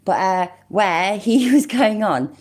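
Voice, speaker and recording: A woman's voice: medium pitch, slow pace, a little mellow. A woman hosting a reaction commentary, blunt, sweary and mocking. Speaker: commentary channel host.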